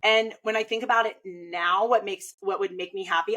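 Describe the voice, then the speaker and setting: This swim coach, a woman in her 30s, speaks in a mid-range voice at a moderate pace. Chatty and animated, she recounts stories in casual conversation, dropping "like" frequently. The audio is poor.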